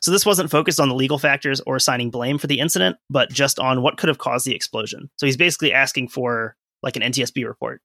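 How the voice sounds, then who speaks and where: A man with a bright, forceful voice co-hosts a casual history podcast. He explains events in a conversational way, dropping in asides as he reads from his sources. The recording is close and dry. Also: mid-range voice, fast, few pauses, no echo. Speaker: podcast co-host.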